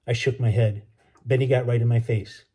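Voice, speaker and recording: A man, an author and educator, reading a chapter of his novel aloud in a relaxed, casual way. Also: medium pitch, normal speed, breathy edge.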